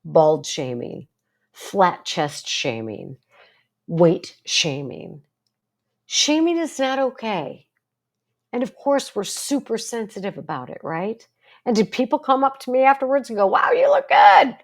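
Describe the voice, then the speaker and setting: An older woman, a psychologist who hosts a support group, talks casually to camera in a mid-range voice with big pitch swings, taking it slowly. Her manner is earnest and story-driven, with plenty of rhetorical questions.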